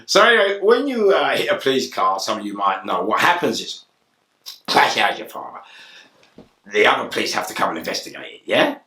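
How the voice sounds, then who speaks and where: A man with a London accent telling an excitable, animated story, laughing and shouting as he goes. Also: on the low side, normal speed, echoey room, distant mic. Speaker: interview guest.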